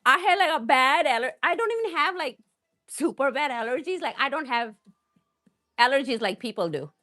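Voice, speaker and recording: A woman's voice: high voice, animated, moderate pace, sharp tone. A woman hosting a live cooking stream, chatting and rambling as she talks straight to her viewers. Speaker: cooking livestream host.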